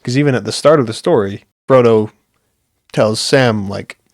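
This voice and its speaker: A man's voice: mid-range voice, moderate pace, dry recording, clean studio sound. A young man hosting a podcast, rambling on earnestly in a casual chat, with many fillers. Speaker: podcast host.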